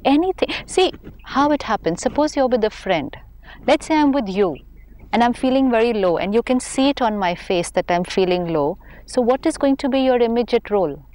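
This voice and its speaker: A woman from India with an Indian English accent, explaining spiritual ideas in a patient, gently emphatic conversational way. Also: a little high, lively intonation, brisk. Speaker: spiritual teacher.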